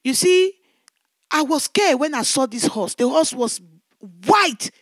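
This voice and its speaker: Very high-voiced woman evangelist, pleading. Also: lively intonation, measured pace, dry recording. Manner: emotional, pleading, with many repeated words. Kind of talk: testimony preaching.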